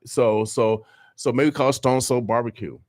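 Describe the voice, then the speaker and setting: A man's voice: medium pitch, normal speed, dry recording. Dry-voiced man hyping on radio. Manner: animated, hype community announcements. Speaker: radio morning show host. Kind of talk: casual radio talk.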